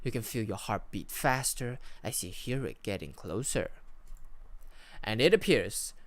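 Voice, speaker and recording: Vtuber narrating an ai text adventure, really animated pitch, dry close mic. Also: measured pace, no echo. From Malaysia. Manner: storytelling, with rising and falling emphasis and small restarts. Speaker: VTuber host. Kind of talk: reading and playing an AI text adventure.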